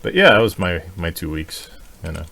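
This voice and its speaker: Deep-voiced man telling a crude story. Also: moderate pace, gravelly, slight background noise. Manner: crude, animated storytelling with swearing and laughter. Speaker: podcast co-host. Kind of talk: casual chat.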